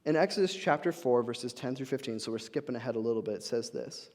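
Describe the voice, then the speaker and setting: A young adult man delivers a sermon in an easygoing, chatty manner, with many "likes" and restarts. His voice sits at an ordinary middle pitch for a man. It carries a long, trailing reverb from the church hall around him. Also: fast talker, darkish tone. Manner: conversational, many fillers and restarts. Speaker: guest speaker.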